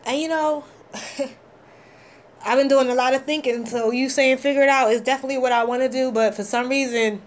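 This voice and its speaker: Halting heartfelt woman host. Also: high-pitched, fairly even intonation. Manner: heartfelt, halting, many ums. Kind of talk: casual call-in show talk.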